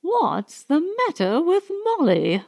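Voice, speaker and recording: A woman's voice: high-pitched, sing-song, slow, a little mellow, voice pushed up, heavily acted. A woman reading aloud, voicing a tired, stern older mother-in-law in a raised, strained voice. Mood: anxious.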